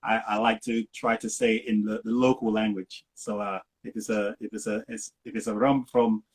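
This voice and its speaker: A man's voice: lowish voice, flat delivery, normal speed, slightly rough. A man from the United Kingdom answering as an interview guest, easygoing and chatty with lots of fillers. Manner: easygoing, laughs often, many fillers. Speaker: interview guest, rum ambassador.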